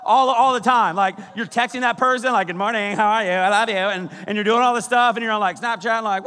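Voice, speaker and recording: High, bright-voiced preacher man in a hall. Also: fairly quick. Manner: jokey, acts out scenes with sudden shouts. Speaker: pastor. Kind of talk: animated sermon. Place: large church hall. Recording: reverberant hall.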